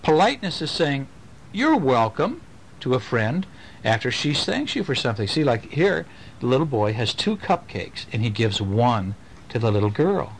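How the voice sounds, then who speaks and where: Father reading a bedtime picture book at home, gentle, playful, sing-song delivery, faint background noise. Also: medium pitch, big pitch swings, normal speed, low-quality recording. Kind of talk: reading a picture book aloud to his children.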